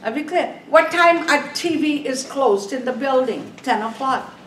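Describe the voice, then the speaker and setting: A woman's voice: high voice, expressive, a little slow, a bit bright. A woman teaching a nursing exam review class, emphatic and repeating her points, with non-native English grammar. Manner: emphatic, repeats "Are we clear?". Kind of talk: classroom lecture. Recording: echoey room, voice from far off, faint background noise.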